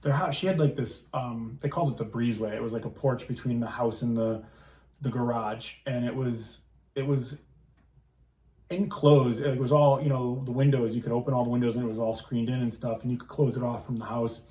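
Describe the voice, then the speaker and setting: A man's voice: medium pitch, fairly even intonation, brisk, mellow. Reminiscing man in a roomy space. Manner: rambling, reminiscing, fond. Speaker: podcast guest. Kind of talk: casual chat.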